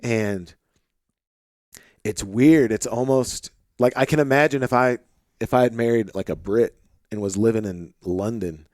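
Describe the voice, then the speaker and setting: A man with a light Arkansas twang hosting a podcast, chatting in a relaxed, rambling way with plenty of fillers, in a home office. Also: mid-range voice, measured pace, dry recording, studio quality. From St. Louis, Missouri. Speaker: podcast host. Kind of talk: casual conversation.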